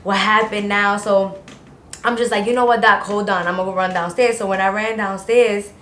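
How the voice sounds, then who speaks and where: A woman's voice: mid-range voice, fairly even intonation, brisk, a bit bright. Young woman vlogger, casual rambling storyteller, echoey room. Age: young adult. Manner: talks in long run-on rambles with many "like"s. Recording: echoey room with faint noise.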